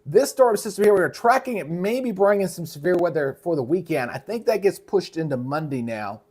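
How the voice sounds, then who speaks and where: A male meteorologist hosting a live weather briefing in a casual, conversational way, with a frog in his throat that keeps him clearing it. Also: high-pitched, animated, a little fast, darkish tone. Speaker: meteorologist host.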